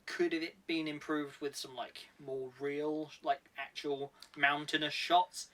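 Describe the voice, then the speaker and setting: A man's voice: a little high, little pitch movement, a little slow, a bit bright. Playful man co-hosting a film review. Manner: playful, fond of silly voices. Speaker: co-host. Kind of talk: casual movie review chat. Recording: distant mic.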